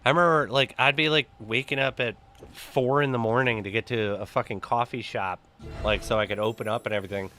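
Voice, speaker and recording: A man's voice: medium pitch, a little fast, soft background music. A young man streaming games, chatting casually and telling stories with lots of swearing. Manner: profane, animated storytelling. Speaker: gaming streamer.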